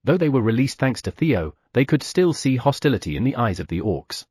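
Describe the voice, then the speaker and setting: A man narrating an audiobook with expressive storytelling. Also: medium pitch, a little fast, slightly rough, no echo, clean studio sound. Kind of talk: scripted narration.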